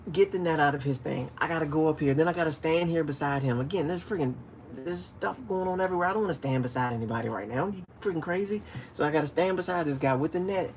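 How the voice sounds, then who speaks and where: A man hosting a casual fishing livestream, chatting with viewers and acting out stories with sudden loud calls. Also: a little high, fast talker, slight background noise. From DC, Maryland, Virginia area. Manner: animated storytelling, acts out shouted calls. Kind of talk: casual livestream chat, reading viewer comments.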